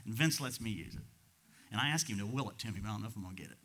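A man's voice: fairly low pitch, animated, rapid-fire, pushed and bright, slight background noise. A male pastor preaching a sermon to his congregation at a church service, talking conversationally with chuckles and rising to fervent emphasis.

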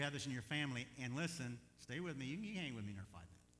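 A man preaching a sermon as pastor, in a folksy, animated way with chuckles between points. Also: mid-range voice, fast, in a large hall.

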